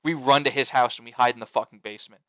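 A man's voice: mid-range voice, fairly even intonation, fast talker, a bit bright, dry recording. A young man telling stories in casual chat with friends, rambling and swearing, full of fillers and restarts. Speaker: storyteller among friends.

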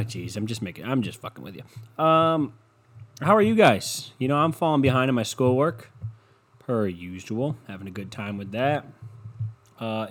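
A twenty-two-year-old man talks to his listeners in a loose, rambling way. He is sarcastic and profane and pokes fun at himself. His voice sits at an ordinary pitch for a man. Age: 20s. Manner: sarcastic, profane, self-mocking. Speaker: solo podcaster. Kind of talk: rambling casual monologue.

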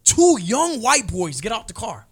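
A man in his forties telling a story in casual chat, acting out the people in it with loud, mocking voices. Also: high voice, very animated, unhurried, slightly rough.

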